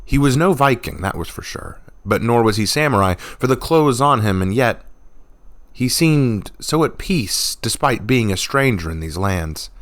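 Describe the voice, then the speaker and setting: A man reading a fantasy story aloud in a measured, even narration. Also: mid-range voice, dry recording.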